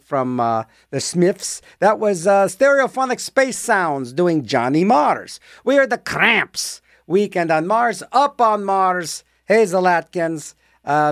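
A man's voice: high-pitched, fairly bright tone, no echo, clean studio sound. A man hosting a radio music show, rambling and joking between songs, mock-reading announcements. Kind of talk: casual radio patter.

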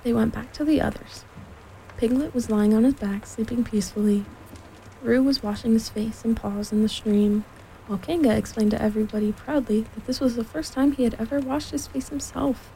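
A woman narrating a storybook aloud in a gentle, measured way. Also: fairly high pitch, vocal fry, slight background noise, rough recording. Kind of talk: storybook reading.

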